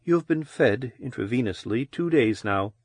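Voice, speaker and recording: A man voicing a mature, commanding woman who speaks calmly and in a hushed way in an audiobook reading. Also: medium pitch, unhurried, no echo. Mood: quiet, gentle. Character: mature commanding woman, calm and low-spoken.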